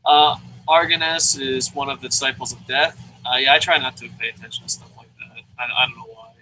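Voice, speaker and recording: A male wrestling review host chatting casually, animated, swearing and talking in bursts. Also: medium pitch, a little fast, a little hiss or hum, poor audio. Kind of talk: casual chat.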